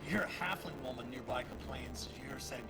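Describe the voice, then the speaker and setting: A man narrating a tabletop game as game master, full of fillers and pauses. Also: medium pitch, poor audio. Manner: halting narration with many fillers. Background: background music.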